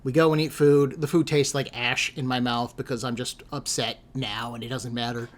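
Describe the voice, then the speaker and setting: A man with a middle-pitched voice tells a long, meandering story in a casual chat. He sounds exasperated and a little self-deprecating as he stacks up one mishap after another. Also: steady tone, moderate pace, a little hiss or hum. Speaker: streamer telling a story.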